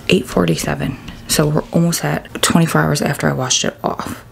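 A woman in her thirties chatting casually to the camera at home in a video diary, sometimes dropping to a hushed whisper. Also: sits low, little pitch movement, brisk, gravelly, few pauses, slight background noise. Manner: chatty, self-narrating. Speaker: vlogger.

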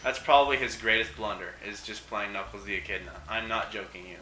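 A man's voice: lowish voice, steady tone, a little fast, sharp tone. A young man casually commenting on a video game, rambling and joking between digressions. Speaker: let's play co-host. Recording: roomy with faint noise.

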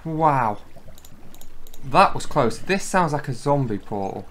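A man's voice: medium pitch, lively intonation, slow pace, a little hiss or hum. A man giving casual, chatty gameplay commentary, thinking aloud as he plays. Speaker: gaming channel host.

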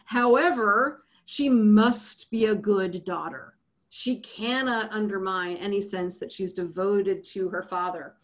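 A woman giving an academic lecture, lively and often checking in with her listeners. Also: medium pitch, slow pace, dull audio. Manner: lively, checks in with frequent "right?".

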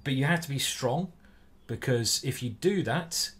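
A man's voice: mid-range voice, expressive, a little slow, fairly bright tone, breathy edge. A man from England commenting casually on his own chess game as he plays live, chatting to viewers and reading out their messages. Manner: chatty, reads viewer chat aloud. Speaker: chess streamer. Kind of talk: live-stream commentary while playing.

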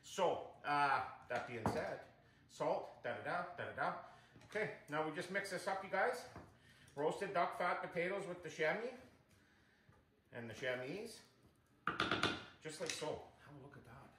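Man host, chatty home cook, keeps saying "you guys", roomy kitchen with loud sizzling behind. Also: on the high side, expressive, measured pace, pauses often, noisy background. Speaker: cooking show host. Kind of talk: casual cooking demonstration.

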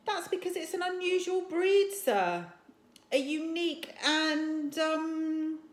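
A woman voicing an eager, know-it-all young Viking boy in a children's story, talking fast and earnestly, in an echoey room. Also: sits high, pitched above the performer's own voice, heavily acted.

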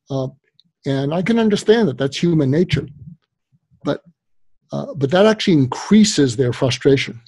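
Husky, warm-voiced man giving emphatic advice. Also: fairly high pitch, moderate pace, dry recording. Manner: emphatic, animated, many "you know" fillers. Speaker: guest psychologist and author. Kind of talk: interview, explaining advice.

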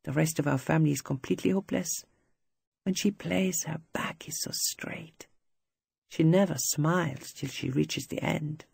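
Brief: narrator playing a confused young soldier, murmuring and dreamy, dark and raspy timbre. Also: medium pitch, moderate pace, dry recording, clean studio sound, full character voice. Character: wounded young French soldier, confused and gentle.

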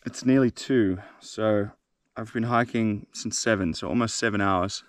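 A man's voice: lowish voice, slow pace, no room sound. A young man vlogging alone on a mountain trail, exhausted and in pain, talking with frequent weary sighs into a handheld camera. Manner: weary, sighing often. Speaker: solo hiker vlogger. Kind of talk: casual video diary. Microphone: handheld phone or action camera.

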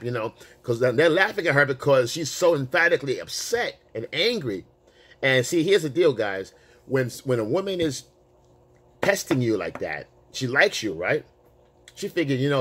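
A male dating coach telling a story to camera in a casual, animated way, swearing freely and using street slang. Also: mid-range voice, normal speed, slightly rough.

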